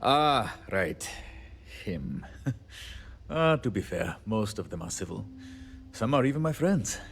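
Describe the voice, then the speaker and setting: A man's voice: fairly low pitch, very animated, slow pace, creaky, breathy edge, heavily acted. A wry, punning handyman. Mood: wistful. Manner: wry and rambling, laughs at himself. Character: weary, punning, self-deprecating male station handyman. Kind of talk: video game dialogue.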